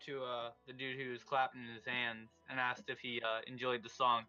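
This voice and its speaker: A man's voice: mid-range voice, level tone, a little fast, bright, forceful tone, highs cut off, soft background music. A man playing a tabletop role-playing game, speaking hesitantly and a little nervously. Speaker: player. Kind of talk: casual tabletop role-play.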